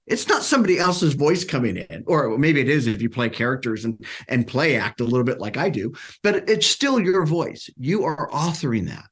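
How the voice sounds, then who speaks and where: A man career coach talking casually as a podcast guest, animated and acting out quotes, with frequent restarts. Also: medium pitch. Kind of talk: casual interview talk.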